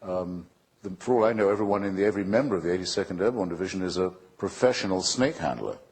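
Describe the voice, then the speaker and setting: A man's voice: deep voice, lively intonation, fast talker, a little mellow, husky. A man speaking at a public debate in a sardonic, rhetorical and emphatic manner.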